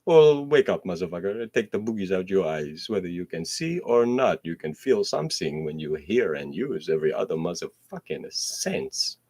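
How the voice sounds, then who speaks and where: A man hosting his own solo show, rambling in a profane stream-of-consciousness monologue that slips into half-rapped verses and swings between loud outbursts and low mutters. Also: very animated, normal speed, few pauses, breathy edge.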